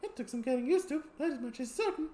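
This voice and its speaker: A man voicing a polite two-faced carnival sideshow man in a video game, speaking in a genteel, gently amused way. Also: very high voice, animated, fast talker, roomy sound, pitched above the performer's own voice. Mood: politely amused.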